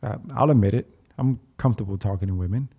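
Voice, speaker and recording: A man talks casually as a podcast guest, friendly and quick to laugh, often tripping over his words and starting again. His voice is gravelly and warm in tone. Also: on the low side. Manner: friendly, laughing, stammers and restarts.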